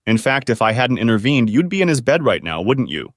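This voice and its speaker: A man voicing a calm spirit guide who talks earnestly and gives frank advice. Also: medium pitch, a little fast, dry recording, studio quality. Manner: earnest, questioning, advising.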